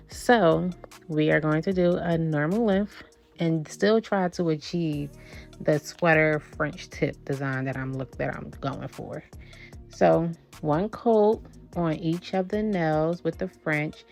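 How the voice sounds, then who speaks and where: A woman's voice: low-pitched, gravelly. A woman in her thirties chatting casually through a nail tutorial, a little out of breath, talking to viewers as y'all. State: slightly out of breath. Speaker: nail art vlogger.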